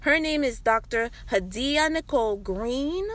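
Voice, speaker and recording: A woman's voice: high-pitched, lively intonation, a little slow, fairly bright tone. A woman hosting a podcast, talking casually in a rambling way with many fillers and restarts. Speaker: podcast host. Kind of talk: casual health talk.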